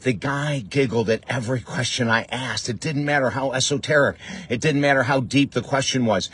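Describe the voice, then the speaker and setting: A man's voice: medium pitch, moderate pace, a bit bright, husky. A man hosting a podcast in a casual, enthusiastic monologue, with frequent fillers and restarts. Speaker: podcast host.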